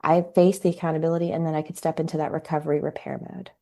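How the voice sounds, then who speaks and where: A woman's voice: deep voice, little pitch movement, rapid-fire, warm tone. A woman in her forties, a parenting coach on a podcast, telling stories animatedly and acting out quoted dialogue. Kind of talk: podcast interview storytelling.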